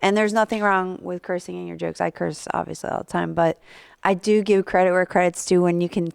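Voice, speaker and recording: Woman podcast host, chatty and quick to laugh, with a smooth voice that breaks into a gravelly fry. Her delivery is casual and loose, full of fillers, and the sound is close and dry. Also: fairly low pitch, steady tone, no echo. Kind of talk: casual interview chat.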